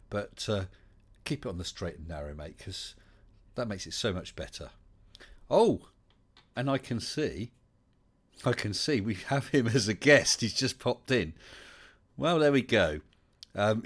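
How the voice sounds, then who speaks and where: A man with an English West Country accent hosting a casual livestream chat, chatty and welcoming, with many fillers. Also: lowish voice. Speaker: livestream host.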